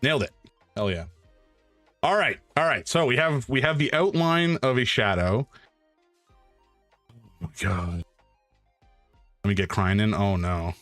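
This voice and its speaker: A man chats casually on a live stream, rambling and poking fun at himself, then bursting into loud exclamations. His pitch swings widely, high and low. The voice sounds dry and close, with faint music playing behind him. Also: normal speed, dry recording. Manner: excitable, rambling and self-mocking, with sudden loud exclamations. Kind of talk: casual live-stream chat while drawing.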